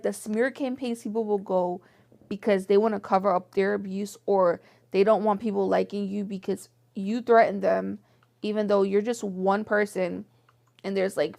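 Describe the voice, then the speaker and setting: Venting young woman with gravelly voice. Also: medium pitch, dark tone. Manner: frustrated, venting, heavy use of "like". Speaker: vlogger. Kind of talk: personal storytime vlog.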